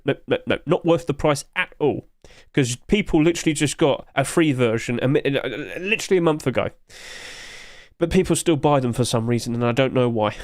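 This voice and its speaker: A man's voice: on the high side, no echo, studio quality. A male streamer chatting casually with his live chat, joking, answering questions and laughing often.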